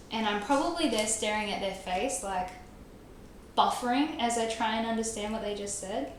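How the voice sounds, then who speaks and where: Chatty woman streamer, echoey room. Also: on the high side. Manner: chatty, self-mocking, laughs often. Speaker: livestreamer. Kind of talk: casual chat while gaming, reading chat. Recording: very echoey room, faint noise.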